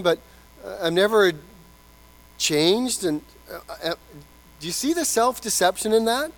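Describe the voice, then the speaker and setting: A man preaching a sermon as pastor, animated, acting out the voices of people he quotes and dropping to soft emphasis. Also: medium pitch. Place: church.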